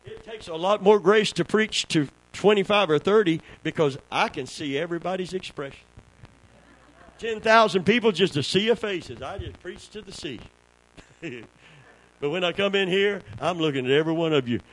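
A man's voice: high voice, expressive, normal speed, rough recording. A man with a Southern American accent preaching a sermon to a small congregation, calling for responses and telling folksy stories that build to fervent peaks. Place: church before a small congregation.

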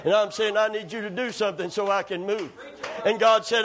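A man preaching a sermon in a church, calling for amens and rising to shouts. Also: high-pitched, fairly even intonation, brisk. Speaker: pastor. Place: church sanctuary.

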